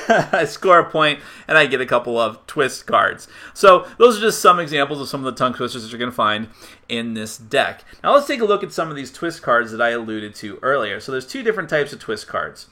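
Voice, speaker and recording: A man's voice: medium pitch, sharp tone. A man casually walking through the rules of a party game, chatty and self-mocking. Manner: chatty, self-mocking, laughs at his own slips. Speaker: board game reviewer.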